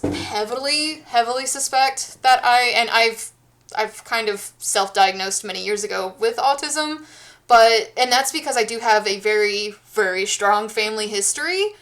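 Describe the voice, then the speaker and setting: A woman in her thirties chats loosely with her viewers, restarting sentences and drifting from one thought to the next. Her voice sits a little high and rings bright and forward, with a tense edge. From United States. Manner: rambling, many restarts and fillers. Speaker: streamer. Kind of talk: casual chat with viewers.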